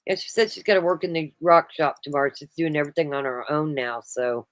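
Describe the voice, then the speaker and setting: A woman's voice: low voice, fast talker, no echo. Laid-back woman host, dry sound. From United States. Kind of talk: casual chat.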